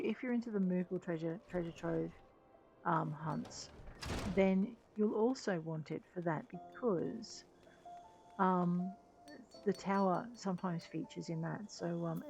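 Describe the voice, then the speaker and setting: A woman's voice: fairly low pitch, gravelly, a little mellow, poor audio. A woman casually chatting while playing an online game, talking in a hesitant, chatty way. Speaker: game streamer. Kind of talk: casual gameplay commentary.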